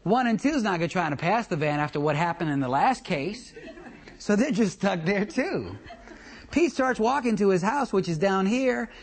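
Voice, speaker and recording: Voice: mid-range voice, expressive, normal speed. A traffic school instructor giving a comic lecture to a class, telling stories and quizzing the room. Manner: joking, storytelling, quizzes the room.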